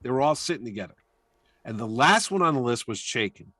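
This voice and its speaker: A man telling anecdotes as a guest in a casual interview, talking through long stories with animated energy. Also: mid-range voice, quick pace, no room sound. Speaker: comic convention organizer, podcast guest; weekly radio show host.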